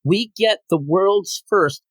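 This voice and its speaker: A man's voice: high voice, no room sound. A man co-hosting a comic book podcast, retelling scenes in a casual chat and acting out the characters' lines. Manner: animated, acts out characters' lines in quick voices. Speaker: podcast co-host.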